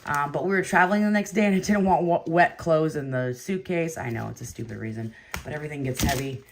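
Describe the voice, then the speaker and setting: A woman with a low, creaky voice hosts a trading card break, talking quickly and casually while opening cards. She laughs often and addresses viewers by name, with slight background noise.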